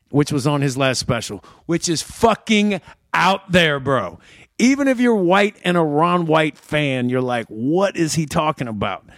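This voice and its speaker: A man, a comedy producer and comedian, in casual podcast chat, telling animated stories with a lot of swearing. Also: fairly high pitch, no room sound, studio quality. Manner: profane, animated storyteller.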